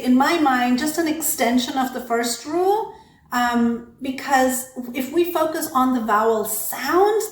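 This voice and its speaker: A woman teaching pronunciation at an unhurried, deliberate pace, her voice sitting a little high. She explains each rule patiently, says example words carefully and keeps checking that the listener follows. The room gives her voice a noticeable echo. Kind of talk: pronunciation lesson.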